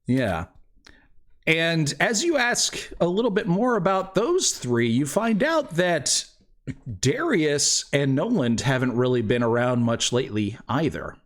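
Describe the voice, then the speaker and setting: A male game master narrating a tabletop game in an easy, unhurried way. He hesitates often, and his voice rises and falls a lot as he lays out the scene. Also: fairly high pitch. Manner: relaxed, hesitant, with many fillers.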